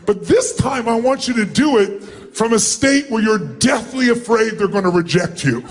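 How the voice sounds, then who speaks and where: A middle-aged man as a motivational speaker, addressing a huge live seminar crowd in an emphatic, commanding way and often shouting instructions. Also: sits high, lively intonation, moderate pace. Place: large event hall with thousands of people.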